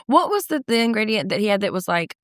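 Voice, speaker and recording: A woman co-hosting a casual recap chat, animated and wry, giving blunt opinions. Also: mid-range voice, fast, no echo, studio quality. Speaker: podcast co-host.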